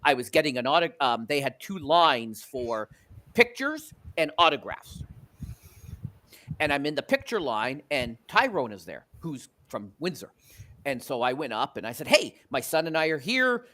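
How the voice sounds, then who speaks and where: A man's voice: mid-range voice, very animated, normal speed, bright, forceful tone. A Canadian man hosting a sports podcast, telling stories in a rambling way with many fillers and restarts. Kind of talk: casual sports chat.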